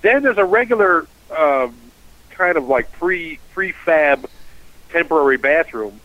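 A man, a cab driver, telling animated stories and acting out dialogue in casual radio chat. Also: on the high side, measured pace, no room sound, phone-quality sound. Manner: storytelling, animated, acts out dialogue.

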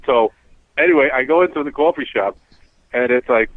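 Rambling cab driver on a phone line. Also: male voice, medium pitch, fairly quick, dry recording. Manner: rambling, self-mocking storyteller. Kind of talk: casual radio chat. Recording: tinny phone-line sound.

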